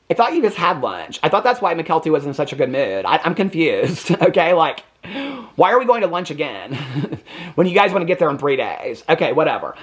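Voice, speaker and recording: A man hosting a casual TV reaction recap with a Midwestern American accent, chatty and sarcastic, laughing often and mimicking people in high mocking voices. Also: very animated, brisk. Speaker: TV recap host.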